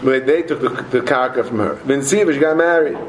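A man giving a Talmud class lecture, animated, repeating words and joking with his students. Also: mid-range voice, brisk, slight background noise. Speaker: Talmud teacher. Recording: roomy echoey room.

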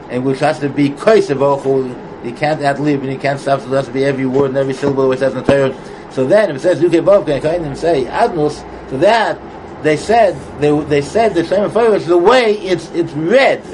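A man giving an informal Torah study lesson, halting and repeating words as he mixes English with Hebrew and Aramaic terms. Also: a little high, noisy background. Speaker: Torah teacher.

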